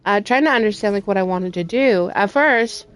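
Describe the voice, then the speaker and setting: A woman's voice: medium pitch, moderate pace, clean tone. Woman, gaming host, rambling casual commentary full of fillers. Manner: rambling with frequent ums.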